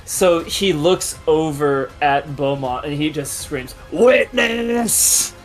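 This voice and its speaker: Man, fairly high voice, descriptive player narration, faint music. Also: fairly even intonation, slow. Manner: descriptive storytelling. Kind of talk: narrating his character's actions.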